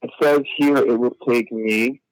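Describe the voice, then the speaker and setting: A man's voice: mid-range voice, steady tone, measured pace, no echo, low-quality recording. A man from New York calling into a podcast, chatting in an easygoing way. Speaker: caller. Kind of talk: casual chat.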